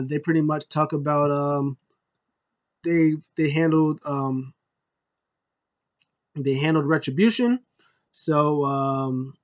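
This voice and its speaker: Loose recap host, mid-pitched, rambly with fillers, jumps into quick put-on voices for quotes. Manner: rambling, many fillers and restarts. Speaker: show host. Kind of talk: casual wrestling recap.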